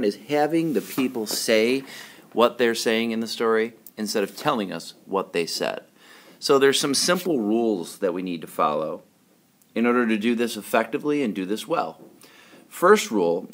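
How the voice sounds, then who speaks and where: A man teaching a writing lesson in a patient, explanatory way, often checking in with his students. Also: medium pitch.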